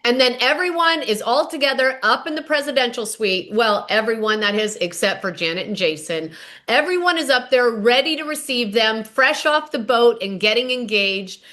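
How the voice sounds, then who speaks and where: Bright-voiced gushing podcast hostess. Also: female voice, a little high. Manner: chatty, gushing storyteller. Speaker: podcast host. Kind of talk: reality TV recap monologue.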